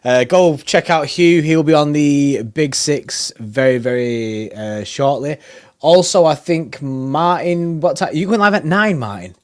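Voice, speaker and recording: A man's voice: a little high, expressive, measured pace, no echo, clean studio sound. A man hosting a casual football panel chat, laid-back and laughing often. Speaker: panel show host.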